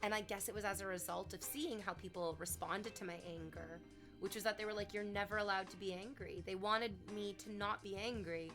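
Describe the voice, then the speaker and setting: A woman streamer chatting casually on stream, animated and swearing freely, swinging between soft reflection and loud emphasis. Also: mid-range voice, fairly quick, over music.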